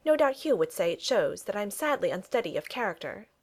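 A woman's voice: medium pitch, sing-song, fast. A woman voicing a sweet, earnest young Regency lady about to be married, speaking in proper phrasing.

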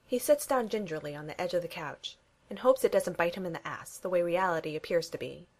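A woman reading a fan fiction story aloud in a wry, even storytelling manner. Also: fairly low pitch, brisk. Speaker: reader.

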